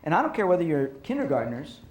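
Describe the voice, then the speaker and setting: A middle-aged man giving a professional development talk to educators, telling lively stories and acting out teachers and kids. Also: on the high side, fast. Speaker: speaker on child behavior for educators. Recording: roomy echo.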